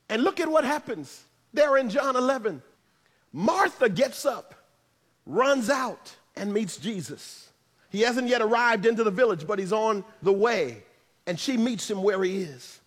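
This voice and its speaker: A man preaching a sermon in a church, animated, with playful asides and shouted emphasis. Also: extremely high pitch, in a large hall. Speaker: pastor.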